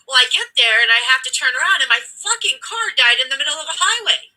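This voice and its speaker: A woman's voice: sits high, animated, quick pace, pushed and bright, low-quality recording. A woman host telling a story with emphatic, blunt, profane delivery, acting out the dialogue as she goes. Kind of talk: impassioned storytelling commentary.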